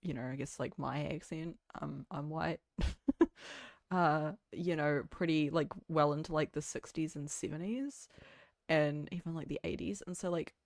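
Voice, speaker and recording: Soft-spoken New Zealand woman, very dry sound. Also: sits low, unhurried, no room sound. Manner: relaxed, chatty, laughs easily. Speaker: streamer. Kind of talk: soft-spoken ASMR story reading and chat.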